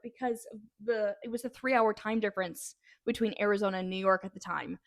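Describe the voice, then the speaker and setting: A woman's voice: mid-range voice, a little fast, no room sound. Chatty young woman vlogger, dry sound. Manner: animated, breathless retelling with many "like"s and restarts. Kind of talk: casual storytelling to camera.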